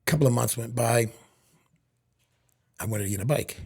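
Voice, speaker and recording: A middle-aged man from Lawrence, Massachusetts, telling stories from his childhood as a podcast guest and acting out quick bits of back-and-forth dialogue. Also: medium pitch, mellow, slightly rough. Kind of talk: storytelling in casual conversation.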